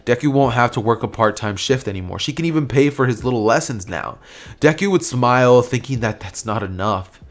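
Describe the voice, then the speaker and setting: A man's voice: mid-range voice, expressive, fairly quick. A man casually narrating a fan story, rambling with lots of fillers and restarts.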